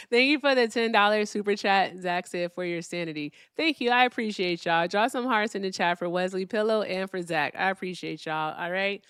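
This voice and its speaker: A woman's voice: mid-range voice, fairly bright tone, clear, resonant tone, no echo, clean studio sound. A woman hosting a live call-in debate stream, blunt and profane, brushing callers off.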